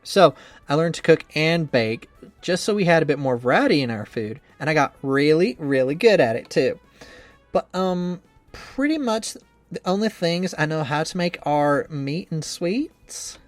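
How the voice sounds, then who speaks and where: A man's voice: a little high, animated, measured pace, no echo, soft background music. A man voicing a cheerful young woman trainer who is anxious about her cooking, reading a visual novel game in an earnest, rambling, self-doubting way.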